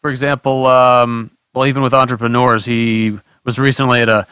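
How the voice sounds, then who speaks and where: A man co-hosting a podcast, introducing the guest in a measured, slightly hesitant way. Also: mid-range voice, flat delivery, pushed and bright, smooth, no room sound, studio quality. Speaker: podcast co-host.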